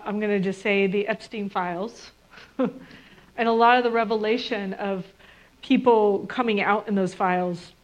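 A woman's voice: fairly high pitch, low-quality recording. Earnest woman giving a spiritual talk. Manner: earnest and reflective, acting out inner voices. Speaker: spiritual speaker. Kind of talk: inspirational talk to an audience.

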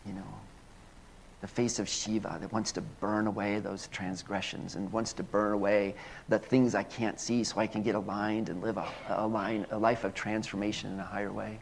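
A man giving a sermon that moves into a slow guided prayer, talking in earnest, repeating phrases and building to emphatic peaks before softening. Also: fairly low pitch, level tone, creaky, a little hiss or hum. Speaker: minister.

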